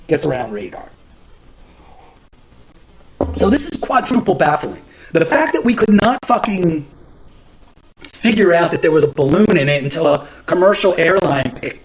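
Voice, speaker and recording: A man's voice: high voice, poor audio. A man hosting his own show, ranting about the news in a profane, exasperated way, with frequent stumbles and restarts. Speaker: podcast host. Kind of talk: casual ranting commentary.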